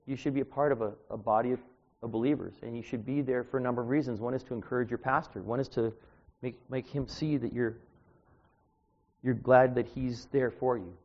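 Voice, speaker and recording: Guy preaching, chatty and storytelling, gets loud when worked up, kinda muffled lo-fi sound. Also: mid-range voice, a little fast. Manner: conversational, anecdotal, rising and louder when animated. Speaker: street preacher. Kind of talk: informal sermon. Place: church. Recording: dull lo-fi sound.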